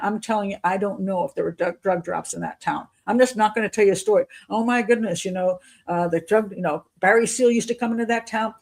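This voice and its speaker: Chatty, skeptical woman thinking aloud. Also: mid-range voice. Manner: thinks aloud, restarts sentences, chuckles often; skeptical, questioning. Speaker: criminal profiler hosting a live show. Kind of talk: live-stream commentary answering chat.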